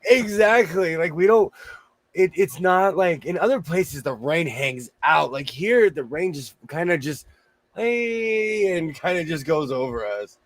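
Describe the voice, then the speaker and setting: Hoarse guy chatting loud and lively, voice kinda shot, dry close sound. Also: fairly high pitch, unhurried, no echo. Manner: loud, animated storyteller. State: hoarse, losing his voice. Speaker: host. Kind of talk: casual chat. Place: home sewing room.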